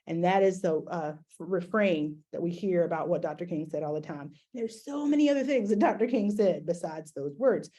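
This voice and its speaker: Mellow-voiced woman giving an educator's talk. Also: fairly low pitch, lively intonation, moderate pace. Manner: conversational, many fillers and restarts. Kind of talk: conference talk presentation.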